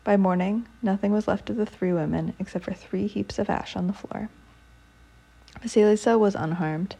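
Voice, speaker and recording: A woman storyteller reads a folk tale aloud at a measured, steady pace. Her voice is dark and mellow, with a gravelly, husky texture. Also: medium pitch.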